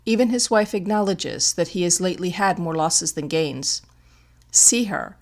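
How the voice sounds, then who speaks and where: A woman's voice: on the low side, animated. A woman doing a cool young society detective. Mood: firm. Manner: measured, firm.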